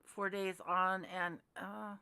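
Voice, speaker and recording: Chatty woman livestreaming, bright voice. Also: mid-range voice, flat delivery, takes it slowly, creaky, clear, resonant tone, no room sound. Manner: chatty, talks to viewers by name, rambling. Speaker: livestream host. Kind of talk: casual livestream chat reading comments.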